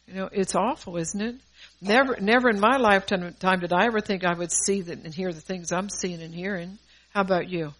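A woman's voice: fairly low pitch, brisk, fairly bright tone, rough recording. A middle-aged woman preaching a sermon in a fervent, conversational way, laughing between points.

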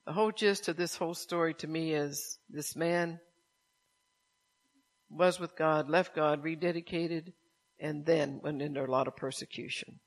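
A man preaches with a slightly high voice. He reads a story aloud, then turns to his listeners with pointed rhetorical questions about forgiveness. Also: steady tone, moderate pace. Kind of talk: sermon with story reading.

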